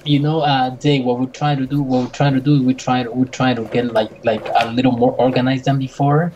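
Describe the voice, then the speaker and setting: A man with a Spanish accent, a website admin talking in a casual voice chat, halting with many restarts and fillers. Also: medium pitch, level tone, muffled recording, noisy background.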